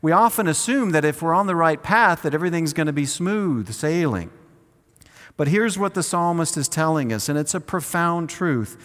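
A man preaching a sermon in an earnest way, slowing down on key phrases and leading the congregation to repeat lines after him. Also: a little high, animated, fairly bright tone, in a large hall. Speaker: pastor.

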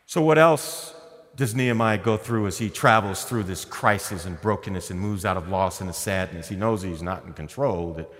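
A middle-aged male pastor preaching a sermon in a conversational, humorous way, often dropping to a quiet voice. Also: deep voice, moderate pace, big-room sound.

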